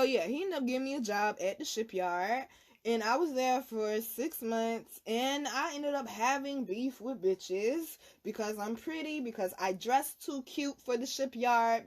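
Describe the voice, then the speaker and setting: A woman host telling a personal story in a blunt, animated, profane way. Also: on the high side. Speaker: tarot reader and channel host. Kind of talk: casual storytelling.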